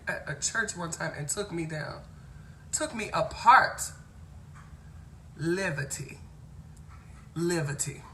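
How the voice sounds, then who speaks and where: A woman from Cincinnati hosting a chatty live stream, playful and quick to laugh as she greets viewers by name. Her voice sits on the low side. Faint noise hums behind her. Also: a bit bright. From Cincinnati, Ohio. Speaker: host. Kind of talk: casual live-stream chat reading viewer comments.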